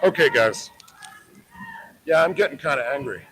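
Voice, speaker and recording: A man with a high, raised voice confronts people outdoors, taunting and swearing as he films on a handheld camera. His talk is a steady stream of jeering challenges in a street livestream. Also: normal speed, breathy edge, soft background music, poor audio. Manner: heckling, profane, taunting. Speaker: protest livestreamer. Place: outdoors by a parking lot.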